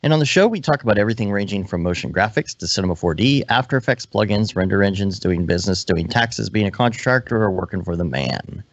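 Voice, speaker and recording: A relaxed man co-hosting a live podcast, rambling and restarting his sentences as he chats. His voice sits a bit low, and the sound is dry and dull, like a lo-fi online call. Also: fast, hardly any pauses, dry recording. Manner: relaxed, rambling, self-interrupting. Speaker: podcast co-host. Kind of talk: casual live podcast chat.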